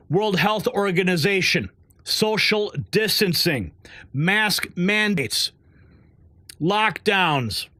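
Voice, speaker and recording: A man hosts a live online news show in a fired-up, indignant rant. His voice sits on the higher side and he leans into sarcasm and hard emphasis. The sound is dry, with no room echo. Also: pushed and bright.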